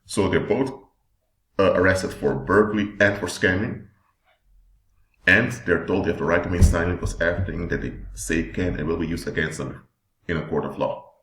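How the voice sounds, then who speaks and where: Male preacher, very low voice, deliberate sermon delivery, echoey room. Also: fairly bright tone. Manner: slow, deliberate emphasis with drawn-out words. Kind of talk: sermon-style teaching.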